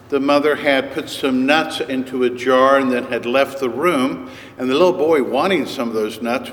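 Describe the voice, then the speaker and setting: Preacher telling stories in an echoey hall. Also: male voice, medium pitch, fairly bright tone. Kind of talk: sermon storytelling. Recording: echoey hall with long reverb.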